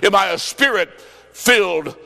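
A fervent evangelist man preaching in a big hall, his fairly high voice ringing out with a long echo. He shouts his points and tells stories in quoted dialogue, sometimes drawing words out almost into song. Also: a little slow, creaky. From Illinois, United States. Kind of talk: revival sermon.

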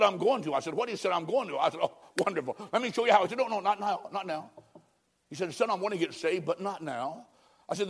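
A man preaching an evangelistic sermon, telling a story and pleading with dramatic swings between loud and hushed. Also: on the high side.

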